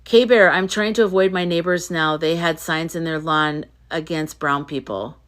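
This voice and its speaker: A woman's voice: deep voice, moderate pace, a bit bright. A woman hosting a casual livestream, reading viewer comments aloud and reacting to them, sounding tired. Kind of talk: casual live-stream chat.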